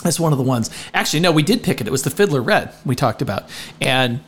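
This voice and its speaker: A man co-hosting a podcast in casual chat, rambling and halting with many restarts. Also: medium pitch, expressive, a bit bright, husky. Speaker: podcast co-host.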